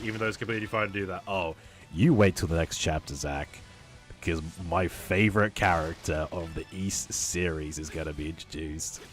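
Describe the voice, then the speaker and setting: A man's voice: sits low, brisk, soft background music. A man streaming a video game, chatting casually with many fillers, restarts and laughs.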